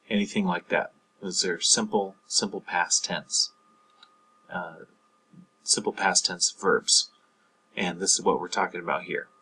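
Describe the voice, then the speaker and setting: A man's voice: deep voice, bright, forceful tone, slightly rough, poor audio. A man teaching a lesson on Spanish past-tense verbs, explaining patiently with frequent fillers. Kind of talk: recorded language lesson.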